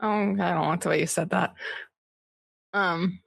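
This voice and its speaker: A woman's voice: lowish voice, steady tone, measured pace, creaky, breathy edge, no echo. A woman speaking as a player in a tabletop game, playful and stumbling over words. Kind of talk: casual tabletop play.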